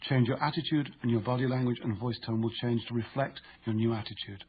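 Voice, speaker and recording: A man narrating an instructive audiobook in a steady, explanatory way. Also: mid-range voice, fast, muffled recording, a little hiss or hum.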